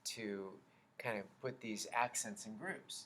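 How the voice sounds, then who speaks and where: A man teaching a children's music lesson, explaining slowly and patiently and chanting rhythm syllables. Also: lowish voice, expressive, fairly bright tone, a little hiss or hum.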